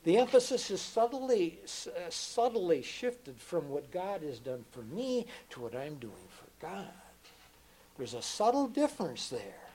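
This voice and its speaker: Older male preacher, emphatic sermon delivery, fairly high voice with wide pitch swings, repeats words for stress. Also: very animated, a little slow, rough recording. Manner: earnest, emphatic, repeats words, swings between loud and hushed.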